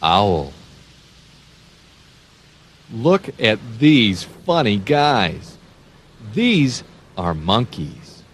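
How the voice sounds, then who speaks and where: A man hosting a children's read-along, talking slowly with sing-song emphasis and playful animal sounds. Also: fairly low pitch, big pitch swings, a little hiss or hum. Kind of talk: slow, animated reading to young children.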